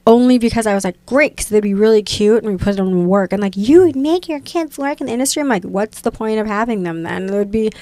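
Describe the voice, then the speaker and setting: A woman's voice: medium pitch, quick pace, few pauses, no echo. A woman in her thirties, a podcast guest, chatting casually and animatedly, acting out voices in her stories. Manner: animated, mimics voices in anecdotes. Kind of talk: casual chat.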